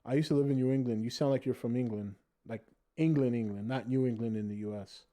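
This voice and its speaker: A man hosts a casual podcast at a fast clip, his mid-range voice dark in tone. He reads viewer comments out loud and trades jokes with the chat in a laid-back way.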